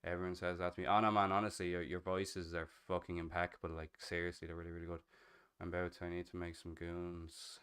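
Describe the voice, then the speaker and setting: A man's voice: low voice, flat delivery, fast, fairly bright tone, clear, resonant tone. An Irish man of thirty, a streamer chatting casually over voice chat in a role-play game, slangy and swearing freely with easy laughs. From Ireland.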